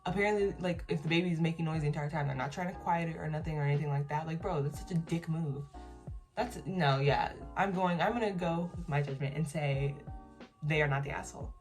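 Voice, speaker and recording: Reacting to online posts, a YouTuber with a slightly low voice reads them aloud in a relaxed, unfiltered manner and a little quickly. She's blunt and swears freely, slipping her own commentary in between lines, while faint music plays in the background.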